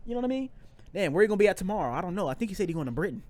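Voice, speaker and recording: A man's voice: high voice, sing-song, rapid-fire, a little mellow. A young man co-hosting a podcast, talking in slangy casual chat with lots of repeats and restarts. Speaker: podcast co-host.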